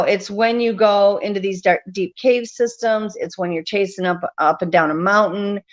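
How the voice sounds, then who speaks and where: A woman guest chatting casually and laughing easily on a radio show, calling in by video. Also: mid-range voice. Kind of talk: casual chat over a video call. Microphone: video call. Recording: dull video call audio.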